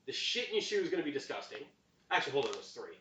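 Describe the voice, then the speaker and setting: A man's voice: medium pitch, racing. A young man from Canada co-hosting a podcast, telling stories in a casual, ranting way. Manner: animated storyteller, ranting. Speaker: podcast co-host. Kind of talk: casual chat. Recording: echoey room, distant muffled mic.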